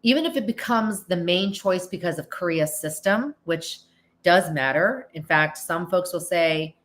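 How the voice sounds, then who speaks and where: A middle-aged woman from the United States answers listener questions on her podcast in relaxed, chatty fashion. Her lowish, slightly bright voice is expressive and a little slow, and she often restarts and acts out quotes.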